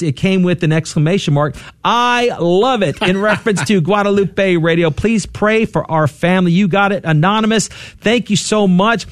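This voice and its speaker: High-voiced upbeat radio host man. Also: no room sound. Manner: upbeat, steady, slows down to repeat phone numbers. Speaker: co-host of a Catholic radio pledge drive. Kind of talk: radio fundraising appeal.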